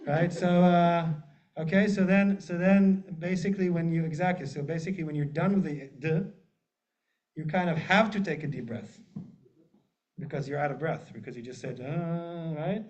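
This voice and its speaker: A man, a rabbi, teaching a group in a relaxed, joking way and often checking in with the room. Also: a little high, normal speed. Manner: chatty, jokey, asks the group often. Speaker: rabbi leading a class. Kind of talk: casual teaching with humor. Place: synagogue classroom with a group. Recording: muffled lo-fi room recording.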